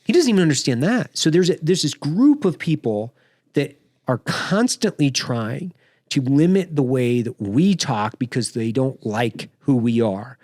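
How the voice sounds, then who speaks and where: A man's voice: medium pitch, expressive, measured pace, darkish tone, no room sound, studio quality. A man hosting a podcast in casual chat, telling stories in an opinionated, conversational way. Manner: opinionated, conversational, with short laughing asides. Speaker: podcast host.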